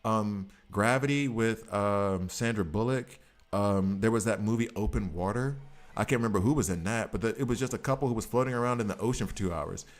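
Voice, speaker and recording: A man streaming a game, chatting casually in a rambling, jokey way. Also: lowish voice. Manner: animated, rambling, jokey, breaks into quick voices. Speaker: gaming streamer. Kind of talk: casual chat while gaming.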